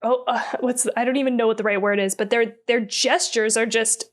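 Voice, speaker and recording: A woman's voice: on the high side, steady tone, a little fast. A woman co-hosting a podcast in casual chat, full of fillers like "like", laughing and swearing. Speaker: podcast co-host.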